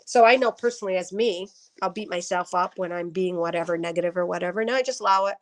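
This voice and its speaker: A woman's voice: on the low side, quick pace. Chatty woman giving live-stream readings. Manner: chatty, talks to viewers by name, laughs often. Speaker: intuitive reader on a live stream.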